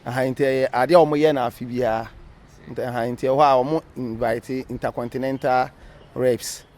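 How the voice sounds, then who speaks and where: A man's voice: mid-range voice, fairly even intonation, normal speed, darkish tone. A Ghanaian man, a former referee, being interviewed, telling his story animatedly in a casual mix of English and Twi.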